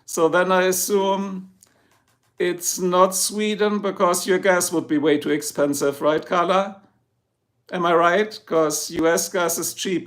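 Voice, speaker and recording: A man from Germany with a German accent, casually chatting with viewers on his livestream, joking and greeting people by name. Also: sits high. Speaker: livestream host. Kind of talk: casual live chat reading comments. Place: home in Ohio.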